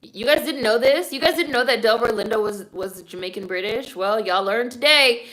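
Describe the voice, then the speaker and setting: A woman's voice: fairly high pitch, moderate pace, a bit bright. A woman streaming live and reading viewer comments aloud, talking bluntly and loosely, with plenty of swearing and fillers. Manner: blunt, opinionated, frequently swearing; loose talk full of fillers like "like" and "y'all".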